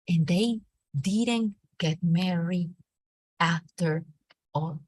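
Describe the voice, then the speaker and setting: Colombian woman teacher, storybook read-aloud, slow, husky, close and dry. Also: fairly low pitch, no echo. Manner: expressive, animated read-aloud with acted character lines. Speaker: teacher leading a reading workshop. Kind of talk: reading a storybook aloud to a class.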